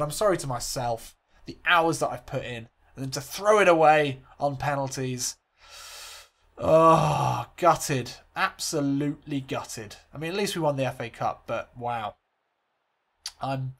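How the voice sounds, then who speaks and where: A man hosting a let's play, calling a football game like a commentator, swinging between excitement and glumness. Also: fairly high pitch, a little slow.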